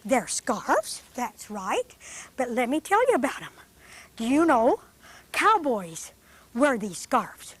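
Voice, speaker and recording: A woman hosting a children's show, talking to a group of young kids in a studio in a gentle, patient, sing-song teacherly way. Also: fairly high pitch, big pitch swings, takes it slowly, slightly rough, dry recording.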